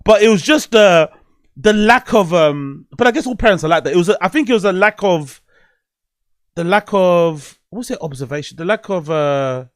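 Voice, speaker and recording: A man's voice: high voice, dry recording, studio quality. Candid man rambling on a podcast. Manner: candid, rambling storytelling with frequent swearing and fillers. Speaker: podcast host. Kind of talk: casual podcast monologue.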